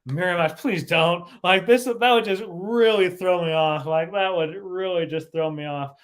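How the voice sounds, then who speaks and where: On a casual livestream, a man with a high, fairly bright voice at a normal speed reads out the chat. He's giggly throughout, laughing often, fumbling words and breaking off mid-sentence.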